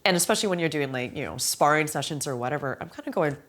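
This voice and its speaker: Woman, 40s, low voice; candid, emotional interview talk, quick to laugh. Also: expressive, a bit bright. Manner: emotional, laughing often, lots of "like" and "right?". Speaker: amateur Muay Thai fighter.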